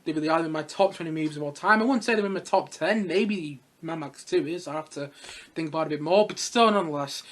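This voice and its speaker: A young man reviewing films in a casual vlog, excitable and gushing, rambling along with bursts of laughter. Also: sits high. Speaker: film reviewer.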